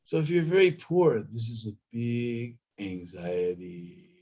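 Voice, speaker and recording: A man's voice: medium pitch, slow pace, darkish tone. A man preaching a storytelling sermon, talking conversationally and prompting listeners with "hmm?" and "huh?".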